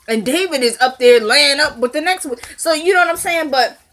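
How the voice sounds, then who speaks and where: A woman's voice: high voice, a little fast, fairly bright tone. Chatty woman recapping a TV episode. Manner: chatty, addresses viewers directly, acts out dialogue. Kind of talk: casual recap vlog.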